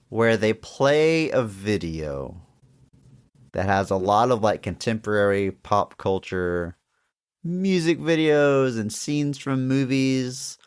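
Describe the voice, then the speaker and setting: A podcast co-host in his thirties playfully tells an anecdote during casual chat, echoing names for laughs. His medium-pitched voice is clean in tone, with studio-quality sound.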